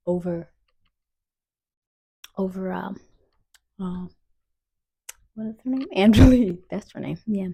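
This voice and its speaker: A woman's voice: lowish voice, no echo. Chatty young woman recapping a film. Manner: chatty, animated, lots of fillers and asides. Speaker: film reviewer.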